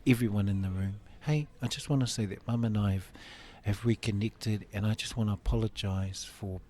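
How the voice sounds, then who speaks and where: This interview guest, a man in his fifties, talks briskly in a somewhat mellow, low-leaning voice with fairly even intonation. He earnestly shares a personal story, acting out what people said.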